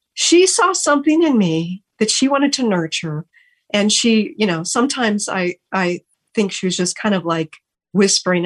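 A woman radio talk show host speaks with open gratitude. Her voice sits at a middling pitch, and her sentences often stop and restart as she searches for words. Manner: earnest, gushing and grateful, with many restarts. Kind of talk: heartfelt on-air thank-yous.

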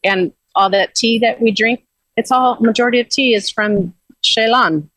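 A woman's voice: on the high side, moderate pace, a bit bright, no echo, poor audio. A woman guest earnestly recounting a spiritual journey in casual, rambling talk with frequent restarts.

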